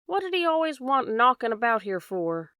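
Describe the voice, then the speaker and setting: A woman's voice: fairly high pitch, very animated, moderate pace, sharp tone, clear, resonant tone, dry recording, clean studio sound, voice pushed up. A woman voicing a worried, chatty working-class boatman's wife in an audiobook reading. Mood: fretful. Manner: chatty, plain-spoken, dropped endings.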